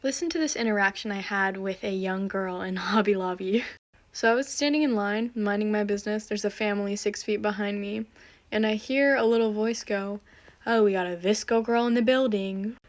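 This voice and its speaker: A woman's voice: mid-range voice, a little fast. A young woman chatting through an amused storytime, acting out the people she quotes. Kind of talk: casual storytime monologue.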